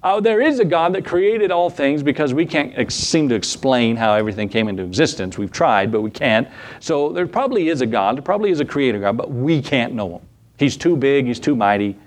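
A man's voice: medium pitch, expressive, a little fast, natural voice. A man, a preacher, voicing a skeptical male agnostic in an offhand, dismissive way.

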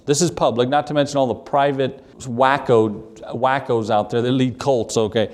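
A man's voice: medium pitch, fairly even intonation, moderate pace, hardly any pauses, a little mellow. A man preaching a sermon in a church, reading scripture aloud and hammering his points with emphatic repetition. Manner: emphatic, repeats key phrases, reads scripture in old English.

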